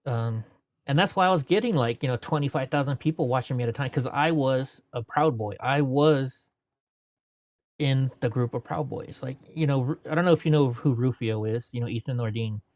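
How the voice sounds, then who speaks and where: A man speaking as an interview guest, relaxed and rambling as he tells long stories. He keeps dropping "you know" between thoughts. The sound is dry and close, with no room echo. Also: mid-range voice, a little fast. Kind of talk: casual storytelling interview.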